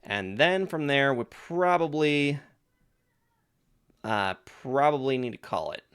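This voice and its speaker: Man, gaming streamer, casual live commentary, relaxed, thinking aloud, middle pitch. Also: takes it slowly, clear, resonant tone.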